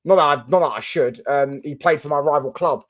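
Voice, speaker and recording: Young man, Mancunian accent, slightly high pitch, casual football reaction, rambling, swears. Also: brisk. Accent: Mancunian English. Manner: rambling, swears, restarts often. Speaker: football channel host. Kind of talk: casual solo reaction commentary.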